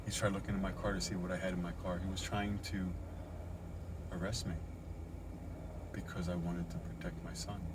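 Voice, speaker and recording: A man's voice: deep voice, flat delivery, fairly quick, long pauses, heavy background noise. Shaken middle-aged man venting in his car. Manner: agitated, repetitive, swearing. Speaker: vlogger recounting an encounter. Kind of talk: agitated first-person account. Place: inside a parked car in a parking lot.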